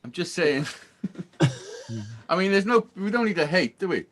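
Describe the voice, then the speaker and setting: A man's voice: on the high side, very animated, a little slow, a bit bright. A Welsh man hosting a casual online chat, teasing his friends in a blunt, sweary way. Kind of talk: casual banter.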